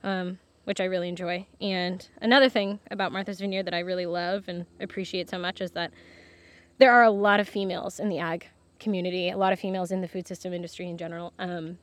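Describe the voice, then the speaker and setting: A young woman farmer telling her story casually, lively and laughing often, with many fillers. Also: fairly low pitch, quick pace, no room sound. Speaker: farmer guest.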